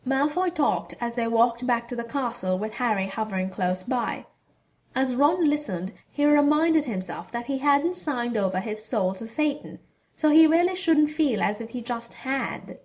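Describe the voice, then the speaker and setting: A woman narrating a fan fiction story in a steady storytelling delivery. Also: fairly high pitch, moderate pace.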